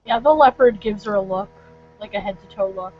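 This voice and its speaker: A woman acting as game master, setting scenes at an unhurried pace as she narrates a tabletop game. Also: medium pitch. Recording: muffled lo-fi recording with faint noise.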